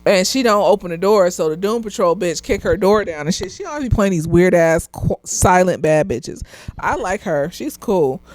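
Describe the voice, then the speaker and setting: A woman's voice: lowish voice, lively intonation, moderate pace, a little mellow, dry recording. A young woman, slightly tipsy, recapping a movie in casual chat, swearing freely, laughing and acting out the characters. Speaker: movie reviewer.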